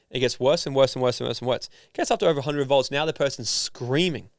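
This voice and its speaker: A man from Australia, a guest on an interview podcast, telling a story in a casual, animated way and acting out the voices of people in it. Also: mid-range voice, quick pace, few pauses, clear, resonant tone, no room sound, clean studio sound. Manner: animated, acts out voices in his stories. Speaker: guest, personal development founder.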